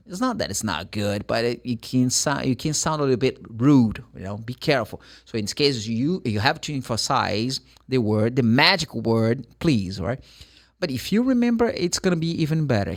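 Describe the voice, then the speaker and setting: A middle-aged man from Brazil, a native Portuguese speaker with a Brazilian accent, giving a casual English lesson and slowly spelling words out letter by letter. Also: mid-range voice, lively intonation. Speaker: English teacher.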